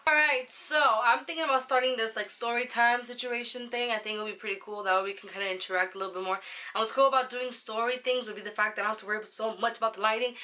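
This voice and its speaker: A woman's voice: on the high side, steady tone, quick pace, pushed and bright, faint music behind. A young woman vlogger chatting casually through a storytime, rambling and slangy, with some swearing.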